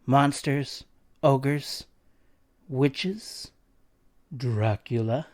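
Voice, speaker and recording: A man's voice: mid-range voice, very slow, a little mellow. A man voicing a brash, mocking teenage boy who likes pranks.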